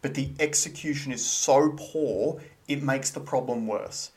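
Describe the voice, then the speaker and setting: A man's voice: medium pitch, measured pace, darkish tone. A man co-hosting a casual podcast chat, earnest and blunt, pressing with questions. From Australia. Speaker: podcast co-host.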